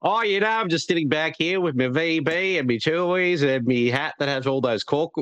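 A man's voice: a little high, lively intonation, moderate pace, a bit bright, clear, resonant tone, no room sound, dull audio. An Australian man co-hosting a casual podcast, joking and laughing often. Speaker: co-host. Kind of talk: casual chat.

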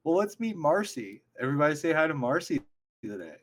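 A man's voice: on the high side, very animated, a little fast. American man fumbling a podcast intro. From United States. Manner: self-deprecating, laughs at his own fumbles. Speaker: podcast co-host. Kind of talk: casual podcast banter.

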